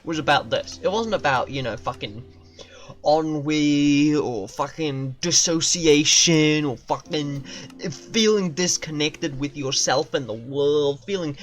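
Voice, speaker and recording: A young man talks through his video game session in a casual, meandering way, peppered with swearing and odd philosophical asides. His voice sits a bit high for a man. He takes his time, drawing out his words. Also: slow pace. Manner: rambling, profane, absurdist musings. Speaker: game streamer. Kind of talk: casual gaming commentary.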